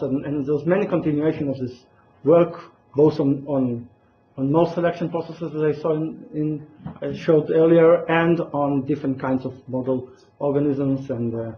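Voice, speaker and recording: Male conference presenter, fairly high voice, halting with frequent fillers, roomy lo-fi hall sound. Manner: hesitant, many fillers and restarts. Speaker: conference speaker. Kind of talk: academic conference talk. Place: large lecture hall. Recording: echoey lo-fi hall recording, faint noise.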